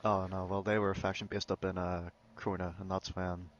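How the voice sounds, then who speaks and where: Low-voiced man, bantering. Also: little pitch movement, brisk, muffled recording. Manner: bantering, swears freely. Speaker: podcast guest. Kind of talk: casual chat.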